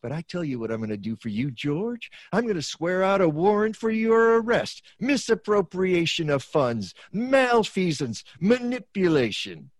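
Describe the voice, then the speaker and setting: A man's voice: high-pitched, very animated, moderate pace, hardly any pauses, dry recording, studio quality. A man voicing a greedy, cruel old male banker in a comic parody, speaking with gloating, contemptuous scorn. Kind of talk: comic radio parody acting.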